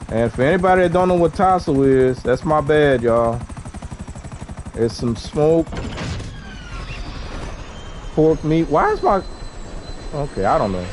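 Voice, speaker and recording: Male streamer, relaxed chatty livestream talk, faint game noise behind. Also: fairly high pitch, unhurried, long pauses. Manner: laid-back, chatty, talks to chat. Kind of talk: casual gameplay livestream chat.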